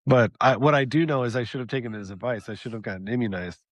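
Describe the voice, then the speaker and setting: A man in his forties talks in a mid-pitched voice, griping and poking fun at himself in loose podcast chat. His voice sits close and dry on the mic, with no room around it. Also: fast, no room sound. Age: 40s. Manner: self-deprecating, neurotic griping. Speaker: podcast co-host. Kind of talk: casual chat.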